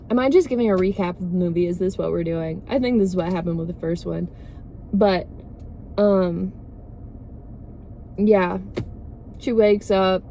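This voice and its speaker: A woman's voice: mid-range voice, mellow, slight background noise. A woman vlogger rambling through a sarcastic, swear-filled casual movie recap.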